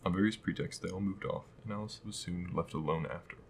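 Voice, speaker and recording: Male audiobook narrator, very deep, measured, storybook reading. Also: fairly even intonation, slight background noise, poor audio. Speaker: audiobook reader.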